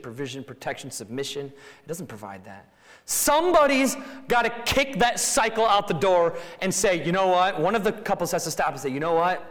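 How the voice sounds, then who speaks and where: A man preaching a sermon to his congregation, talking in a conversational way and rising to emphatic bursts. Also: high voice. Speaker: pastor. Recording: reverberant hall.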